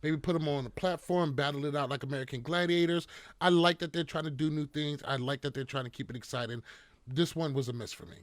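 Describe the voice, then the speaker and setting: Man, podcast co-host, opinionated, slightly high, dry sound. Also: quick pace, dry recording. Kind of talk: casual chat.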